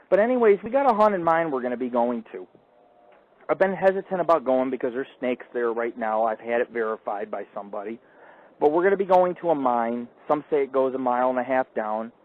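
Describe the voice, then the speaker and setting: A man hosting a live call-in radio show, telling crude, boastful stories full of profanity and swinging from loud outbursts to low mutters. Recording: tinny phone-like line.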